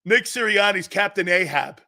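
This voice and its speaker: A middle-aged man hosts a sports talk show, his voice leaning high and slightly bright. He chats casually, responding to viewer comments, laughing a lot and drifting into rambling side remarks.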